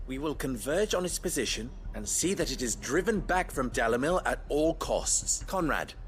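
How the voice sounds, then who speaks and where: A man's voice: medium pitch, expressive, moderate pace, slight background noise, close to an everyday voice. An actor playing a resolute male commander who rallies his town and speaks in a formal, commanding way in a game cutscene. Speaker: town leader in a video game.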